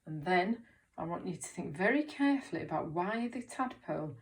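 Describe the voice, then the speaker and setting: A woman teaching a children's reading lesson, explaining clearly, step by step and encouragingly. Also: fairly low pitch, expressive, moderate pace, a little hiss or hum. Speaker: primary school teacher.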